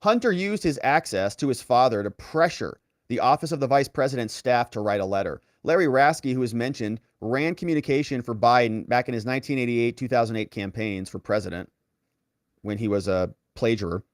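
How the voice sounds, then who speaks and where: Brief: male legal-news host, mid pitch, sarcastic asides, dry close-mic sound. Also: a little fast, no echo. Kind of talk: online political commentary.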